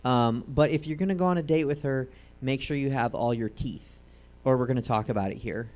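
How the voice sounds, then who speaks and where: A woman's voice: very deep voice, a little fast, darkish tone. A woman hosting a comedy talk show, joking in a dry way and introducing guests.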